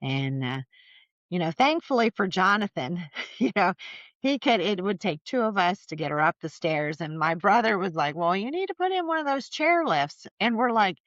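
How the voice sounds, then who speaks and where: A middle-aged woman, a podcast guest, telling family stories in a chatty, animated way with lots of fillers. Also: mid-range voice, normal speed, no room sound, dull audio. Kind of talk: casual storytelling conversation.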